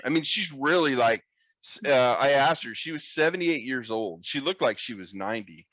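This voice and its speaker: A man co-hosting a podcast, telling a long, profane story in a casual, animated way and acting out the people in it. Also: medium pitch, brisk, dry recording, dull audio. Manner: profane, animated, acts out quoted voices. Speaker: podcast co-host.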